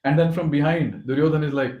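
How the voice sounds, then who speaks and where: A man giving an animated devotional talk at a youth forum, speaking directly to the audience. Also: a little high, quick pace, muffled recording. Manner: animated storyteller who addresses the audience. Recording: echoey hall.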